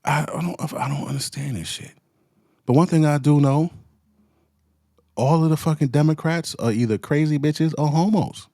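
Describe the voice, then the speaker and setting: A man's voice: a little high, moderate pace, mellow, dry recording, clean studio sound. A man giving a heated, profane commentary rant full of slang, as the show's host. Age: adult with children. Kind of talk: ranting commentary.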